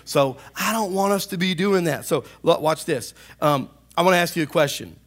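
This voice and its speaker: A man's voice: fairly high pitch, moderate pace, fairly bright tone. A man preaching a sermon as pastor to his church, emphatic, with call-and-response asides to the congregation. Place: church service.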